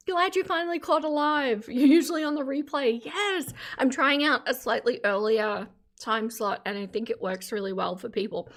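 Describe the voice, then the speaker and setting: A woman's voice: high voice, normal speed. Chatty woman streaming commentary. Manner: chatty, opinionated, thanks viewers warmly. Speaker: livestream reaction host. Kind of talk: casual commentary livestream.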